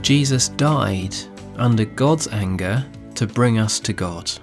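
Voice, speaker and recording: A man discussing how to preach a passage, speaking in an earnest, measured way with emphasis on key phrases. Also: lowish voice, soft background music. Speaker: preacher giving a preaching guide. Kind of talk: teaching dialogue on sermon preparation.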